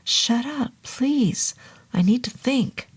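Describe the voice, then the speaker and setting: A grave male medicine man in a horror story, calm and commanding, speaking low and unhurried, as a woman reads him. The voice is husky with a gravelly edge. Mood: urgent.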